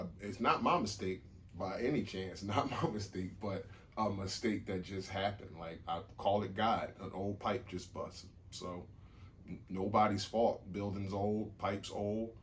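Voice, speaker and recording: Slight hiss or hum sits under a man's low voice as he co-hosts a podcast. He chats casually and loosely, going over the same points again and cursing occasionally.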